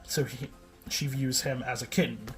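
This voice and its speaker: A man talks through a story in a loose, rambling way, stumbling over names and correcting himself as he goes. His voice sits at an ordinary middle pitch. Soft music plays quietly underneath. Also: fairly even intonation, normal speed. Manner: rambling, self-correcting, filler-heavy. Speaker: video essayist. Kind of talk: casual rambling recap.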